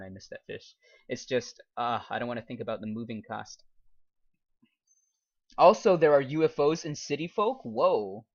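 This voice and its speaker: Casual live-stream gaming chat comes from a young man in the US who is both a game streamer and an English teacher, reading viewer comments aloud and laughing frequently. His mid-range voice has a fairly bright tone, heard through dull lo-fi audio.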